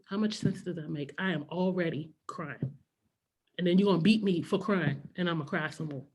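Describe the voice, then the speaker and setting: A woman's voice: lowish voice, normal speed, darkish tone, slightly rough. A middle-aged woman performing a stand-up comedy set on a club stage, telling childhood stories and acting out her mother and her younger self.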